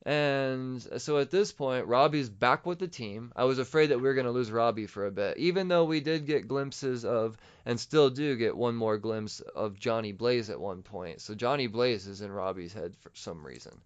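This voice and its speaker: Excitable, profane male podcast host. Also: medium pitch, normal speed, few pauses, clear, resonant tone. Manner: excited, profane, rambling with restarts. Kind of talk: casual comic book recap. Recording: dull lo-fi audio.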